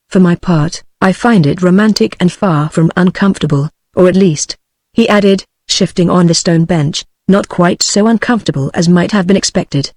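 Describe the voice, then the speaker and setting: A text-to-speech woman's voice with a British English accent, reading a classic novel aloud in an even, machine-read manner. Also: on the low side, dry recording, studio quality. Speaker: narrator. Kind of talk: synthetic audiobook narration.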